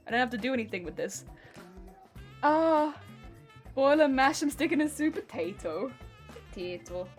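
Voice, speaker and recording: A woman with an English accent, chatting casually and playfully with her stream audience while she crafts, rambling and giggling as she goes. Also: on the high side. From England. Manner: rambling, playful, giggly, reads chat aloud. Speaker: crafting livestreamer.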